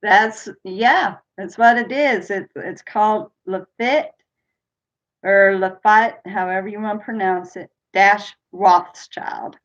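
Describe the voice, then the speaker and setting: Reading out trivia questions on a casual live stream, this host chats with viewers and laughs a lot. Her voice is medium-pitched and fairly bright, with fairly even intonation, a slightly slow pace and few pauses, all through dull lo-fi stream audio.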